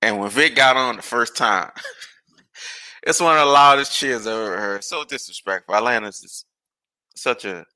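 A man hosting a podcast, ranting and rambling about sports in an animated, exasperated way and swearing freely. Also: mid-range voice, measured pace. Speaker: podcast host.

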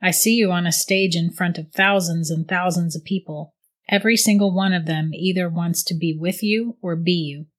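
A woman reading the lines of a tall, persuasive male tempter with a low, gruff voice, close to her own voice. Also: steady tone, moderate pace, natural voice. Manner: coaxing, persuasive. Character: tall smooth-talking male tempter, devil's recruiter.

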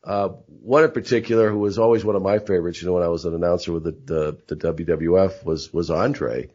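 A man's voice: low-pitched, steady tone, fast talker, warm tone, husky. A man hosting a casual interview, speaking hesitantly and agreeably with many fillers. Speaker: podcast host. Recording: muffled lo-fi audio.

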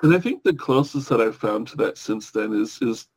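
A man's voice: medium pitch, expressive, normal speed, slightly rough, rough recording. A man hosting a casual podcast, enthusiastic and rambling, with casual swearing. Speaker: podcast host.

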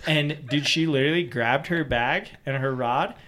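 A young man, a fishing guide, telling stories in casual podcast chat, rambling and laughing, acting out quotes loudly. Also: a little high, moderate pace.

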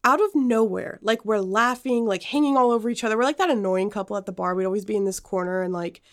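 Speaking quickly in a mid-range voice, a young podcast co-host recounts a personal story in casual conversation. Her animated telling is packed with fillers and restarts.

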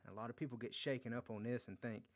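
A man's voice: medium pitch, steady tone, fast talker. A man leading a verse-by-verse Bible study, reading scripture aloud and explaining it in a conversational way, often repeating words and restarting phrases. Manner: reads scripture aloud, then explains it conversationally with acted quotes. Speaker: Bible teacher.

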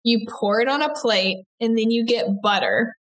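A young adult woman with a Southern US accent, a guest chatting quickly in an interview with lots of likes and restarts. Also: fairly high pitch. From American South. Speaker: interview guest, aspiring broadcaster. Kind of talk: casual interview chat.

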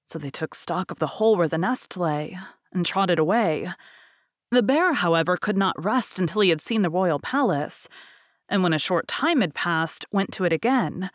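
A woman's voice: fairly low pitch, no room sound, clean studio sound. Woman narrating a fairy tale. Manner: measured, expressive reading. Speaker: podcast host and reader. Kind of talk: storybook narration.

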